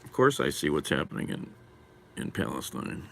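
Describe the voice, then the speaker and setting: A man's voice: very deep voice, huge pitch swings, moderate pace, creaky, a little hiss or hum. A man live streaming while eating lunch, chatting casually and wryly answering comments from chat.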